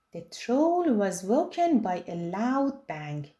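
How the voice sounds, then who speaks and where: A woman reading a children's picture book aloud with expressive storytelling. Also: medium pitch, takes it slowly, hardly any pauses. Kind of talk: children's read-aloud narration.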